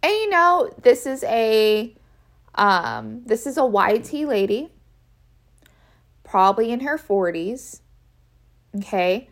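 A woman's voice: fairly high pitch, very animated, takes it slowly, long pauses. A woman telling a personal story in a casual, frank way, stressing her points by repeating them. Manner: emphatic, repeats key phrases for effect; frank and conversational, with fillers.

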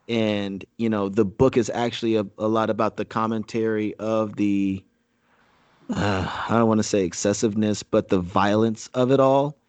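A man's voice: lowish voice, a little mellow, no room sound. A man in casual conversation as a co-host, rambling with frequent fillers and restarts, and reading a speech aloud. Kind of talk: casual chat.

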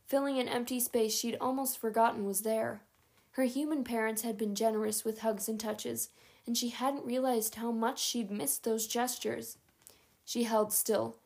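A woman narrating a chapter book aloud in a steady, even read-aloud manner. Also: a little high, gravelly. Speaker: audiobook narrator.

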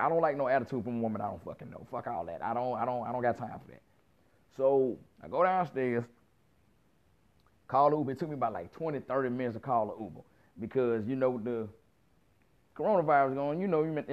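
Profane, animated man in his thirties ranting. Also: mid-range voice. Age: 30s. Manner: profane, animated, lots of quoted dialogue and slang. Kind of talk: casual storytelling rant. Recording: muffled lo-fi recording.

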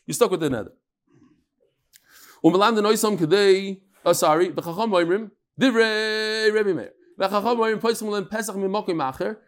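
A man's voice: high-pitched, moderate pace. Emphatic man teaching a text-study class. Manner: emphatic, rhetorical, repeats phrases. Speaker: religious studies teacher.

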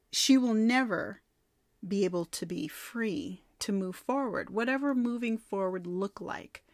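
Expressive woman telling a faith story. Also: medium pitch, no echo, clean studio sound. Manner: expressive, swings from soft asides to loud emphatic bursts. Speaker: podcast host and faith mentor. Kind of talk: storytelling with scripture reading.

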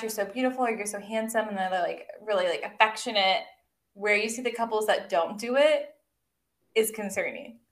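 A woman's voice: mid-range voice, a bit bright. A young woman co-hosting a casual chat, talking in a chatty way with many "like"s and frequent laughs. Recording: echoey room.

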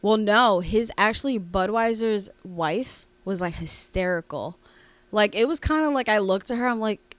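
Brief: woman podcast co-host, smooth voice, dry close mic, rambling and animated as she tells a story. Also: medium pitch, moderate pace, dry recording. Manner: rambling, animated, with many fillers and restarts. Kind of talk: casual storytelling chat.

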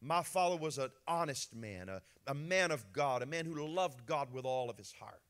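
A middle-aged male pastor preaching a sermon, swinging between soft, confiding talk and emotional outbursts. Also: medium pitch, lively intonation, normal speed.

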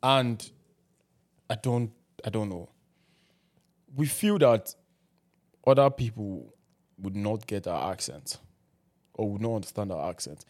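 A man's voice: on the low side, slow, pauses often, a little mellow, a little hiss or hum. A man from Nigeria with a Nigerian accent, talking in a casual group chat and repeating himself for emphasis. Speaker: podcast co-host.

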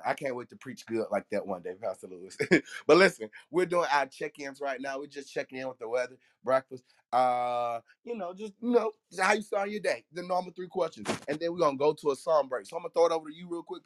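Podcast host, male, animated preacher, bright delivery, dead-dry recording. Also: fairly high pitch, fast, no echo. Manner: animated, emphatic, laughs often. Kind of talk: casual morning chat with preaching.

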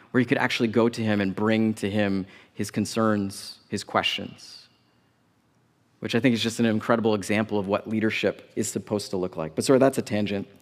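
A man pastor preaching a sermon in a conversational way, with casual asides to the congregation. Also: fairly low pitch. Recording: long reverb of a large hall.

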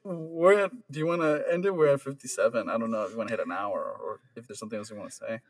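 A man's voice: mid-range voice, fast talker, slightly rough. A young man co-hosting a podcast, chatting loosely and rambling, with lots of "like" and "man". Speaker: podcast co-host. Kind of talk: casual chat.

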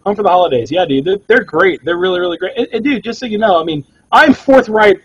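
A man co-hosting a casual cigar podcast, a jokey storyteller whose pitch leaps up when he quotes himself. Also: expressive, racing, slightly rough, dry recording, dull audio. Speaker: cigar shop owner and podcast co-host.

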